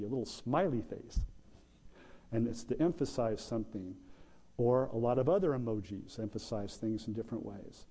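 A man preaching a sermon as pastor, slow and deliberate, with emphatic pauses. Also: mid-range voice, warm tone. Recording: long hall reverb.

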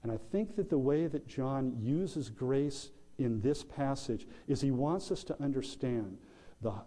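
A man preaching a sermon as pastor, slow and deliberate, with emphatic pauses. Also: mid-range voice, lively intonation, dark tone. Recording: long hall reverb.

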